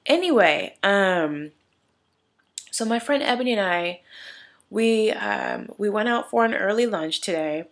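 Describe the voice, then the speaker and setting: A woman's voice: mid-range voice, animated, unhurried, gravelly. A young woman telling a story in a candid home vlog, emotional and teary, rambling with many fillers. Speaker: vlogger. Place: at home in her room.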